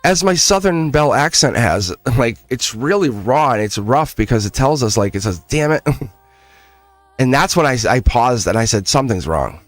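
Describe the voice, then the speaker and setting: A man's voice: mid-range voice, moderate pace, dry recording. A man reading tarot on a live stream, chatting casually and addressing viewers directly with frequent laughs. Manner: animated, chatty, laughs often, talks straight to viewers.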